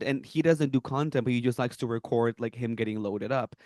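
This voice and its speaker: A young man from Peru co-hosting a podcast, telling a story in animated casual chat with lots of laughs and fillers. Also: mid-range voice, a little fast, few pauses, dry recording, clean studio sound. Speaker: podcast co-host.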